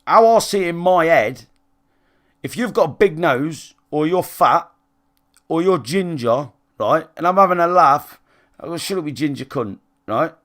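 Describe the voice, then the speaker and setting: A British gaming live streamer chats casually with his viewers, rambling and swearing, and often asks "do you know what I mean" to check they follow him. His voice is a little high and a bit bright, expressive, at a measured pace.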